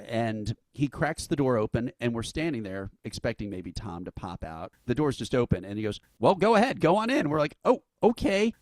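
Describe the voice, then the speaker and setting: Speaking at a medium pitch with no room sound, this man is a guest interviewee and founder of an event. He spins a long, laid-back anecdote, animatedly voicing the characters' quotes and laughing along.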